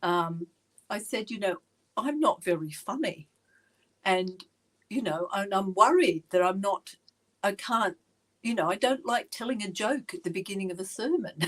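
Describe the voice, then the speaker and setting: A woman's voice: medium pitch, expressive, normal speed, fairly bright tone, low-quality recording. A woman hosting a casual interview, chatty and enthusiastic, telling stories and laughing easily. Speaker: podcast host. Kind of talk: casual chat.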